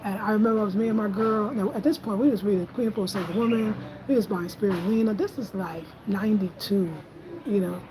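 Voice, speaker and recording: A woman, telling stories in a casual, animated, slangy way and acting out quotes in a higher voice. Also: a little fast, noisy background. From Brooklyn, New York. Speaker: host. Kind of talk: casual storytelling chat.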